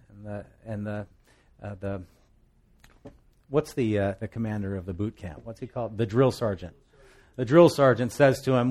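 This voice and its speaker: A man's voice: moderate pace, long pauses. A man, a pastor from the United States, preaching a sermon, telling a joke with acted-out lines and reading scripture with emphasis. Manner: lively storytelling preacher, acts out a joke with big pitch swings.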